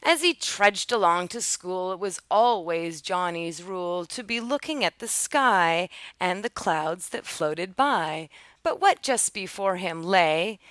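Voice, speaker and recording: A woman reading aloud from a rhyming children's picture book, jumping high and loud for the characters' cries. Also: animated, takes it slowly, no echo. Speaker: storyteller.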